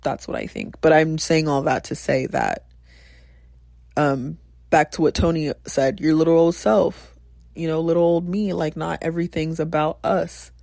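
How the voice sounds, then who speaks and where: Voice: mid-range voice, moderate pace, vocal fry, a little mellow, no room sound. A podcast host who also teaches, talking in a casual, passionate, rambling way, swearing often, laughing and thinking aloud. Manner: passionate, rambling, frequent profanity.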